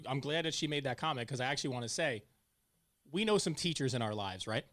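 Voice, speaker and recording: A man in his forties hosting a casual talk show, telling stories with animated energy and getting loud when retelling arguments. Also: mid-range voice, fast talker. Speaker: podcast host, youth softball coach. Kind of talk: casual chat.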